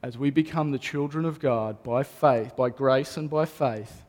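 A man's voice: mid-range voice, normal speed, darkish tone. A man, a pastor, preaching a sermon earnestly and repeating key phrases for emphasis. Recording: long reverb of a hall.

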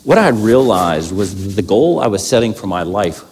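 A man's voice: on the low side, very animated, moderate pace, a little mellow, breathy edge. A man telling his story to a gathered audience in a candid, self-deprecating way, then reading scripture aloud. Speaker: speaker at a gathering. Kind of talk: personal testimony talk with scripture reading.

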